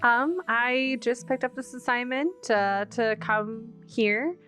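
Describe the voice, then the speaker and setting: A woman's voice: fairly high pitch, slow pace, a bit bright. A woman playing a coy, flirtatious mouse servant. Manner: coy, playful. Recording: faint fantasy music behind.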